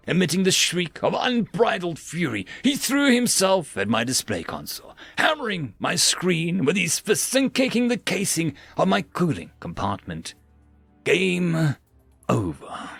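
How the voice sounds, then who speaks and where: A man narrating a sci-fi story in a wry, animated way. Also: on the high side, a little slow, creaky, slightly rough, dry recording, soft background music.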